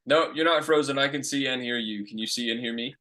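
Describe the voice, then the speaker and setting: A young man with a bright, forward voice tells audition stories over a video call. He slips into the voices of the people he quotes, keeping the talk lively and casual. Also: mid-range voice, quick pace. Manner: animated, acts out quoted lines. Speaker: actor and host. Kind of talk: casual storytelling chat.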